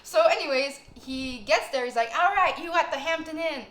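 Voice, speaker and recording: A woman's voice: high voice, moderate pace. Young woman podcast co-host, chatty and laughing, echoey room recording. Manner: animated, laughing storyteller full of "like". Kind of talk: casual storytelling chat. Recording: echoey room, faint noise.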